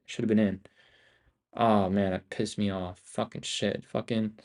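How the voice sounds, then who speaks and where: A man's voice: fairly low pitch, normal speed. A young man giving live trading commentary, talking in restless, profane, slangy bursts as he thinks aloud. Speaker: day-trading streamer.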